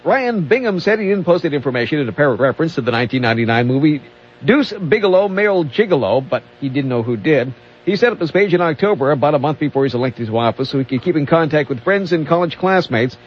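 A man's voice: a little high, animated, fast, breathy edge. Dry wisecracking male news reader. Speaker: radio co-host and news reader. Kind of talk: reading news items on talk radio. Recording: dull lo-fi radio broadcast.

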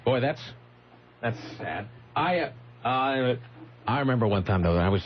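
A male radio host rambles through a story, cutting himself off and restarting as he goes. His voice sits in an ordinary middle pitch. It comes through a slightly muffled broadcast with a faint hiss behind it. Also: expressive, unhurried. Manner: rambling, self-interrupting storyteller. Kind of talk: morning radio banter and storytelling. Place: radio studio.

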